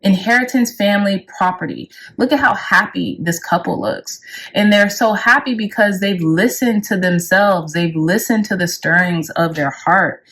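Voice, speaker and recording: A woman giving a pick-a-card tarot reading in an effusive, emotional way, with swings up in pitch on key words and casual swearing. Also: moderate pace, a bit bright. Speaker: tarot reader.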